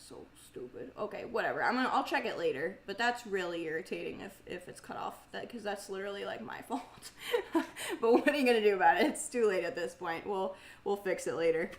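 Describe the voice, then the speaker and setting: This young woman hosts a casual livestream and sings, reading viewer comments aloud in a fast, expressive, low voice that's mumbly and grumbly. She swears freely and laughs often as she chats.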